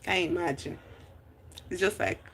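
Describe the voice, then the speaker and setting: A streamer, recapping a movie in casual chat, telling the story with lively exclamations and acting out the characters' lines. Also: mid-range voice, moderate pace, slight background noise. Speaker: livestream host.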